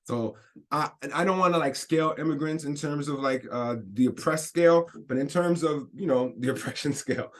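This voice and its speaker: A man's voice: a little high, fairly quick. A man giving casual commentary as he reads out a news article, rambling and repeating himself, laughing often, and breaking off to hedge his points. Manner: rambling, repetitive, hedging, frequent laughs. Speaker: commentary vlogger.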